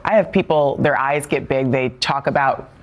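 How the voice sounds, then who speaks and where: A woman's voice: a bass voice, normal speed. Earnest woman reporter talking about people she met on the road. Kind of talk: casual political talk.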